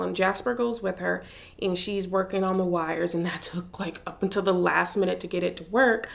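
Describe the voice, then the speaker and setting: A woman chatting excitedly through a TV episode recap, full of fillers and gushing asides. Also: medium pitch, vocal fry, lo-fi sound. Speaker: TV recap vlogger. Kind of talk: casual TV recap.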